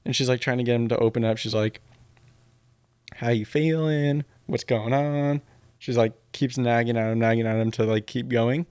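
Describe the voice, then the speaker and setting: A man's voice: medium pitch, level tone, quick pace, hardly any pauses, a little mellow, clean tone, no echo. A man hosting a podcast, casually retelling a dating show in a rambling, filler-heavy way. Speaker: podcast host.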